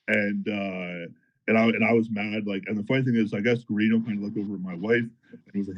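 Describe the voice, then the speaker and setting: A man telling a story in a casual podcast chat, animated and profane, as a powerlifter guest. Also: fairly low pitch, fast, muffled recording. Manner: animated, profane, fired-up retelling.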